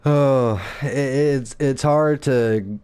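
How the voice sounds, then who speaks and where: A man's voice: mid-range voice, extremely slow, a little mellow, clear, resonant tone. A man and father, co-hosting a casual gaming chat, rambling and profane, acting out the lines people said. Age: adult father. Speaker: gaming podcast co-host.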